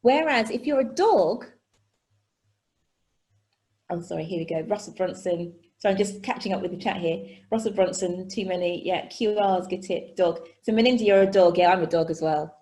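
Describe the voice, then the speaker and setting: A woman's voice: fairly low pitch, normal speed, darkish tone. Woman running an online workshop on a video call, chatty, keeps asking okay? right?. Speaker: workshop presenter. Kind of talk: live online workshop teaching.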